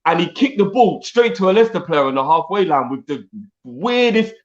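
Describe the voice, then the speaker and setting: Animated high-voiced young man, dull sound. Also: a little fast. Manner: exasperated, slangy, animated. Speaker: fan channel co-host. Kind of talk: live post-match reaction chat.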